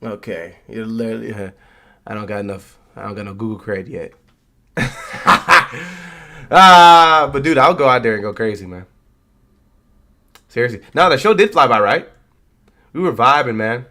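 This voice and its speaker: A man's voice: on the low side, normal speed, long pauses, bright, forceful tone, slight background noise. A young man hosting a live stream, chatting casually with his viewers about wrestling in a laid-back, slangy way. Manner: laid-back, slangy, talks straight to chat.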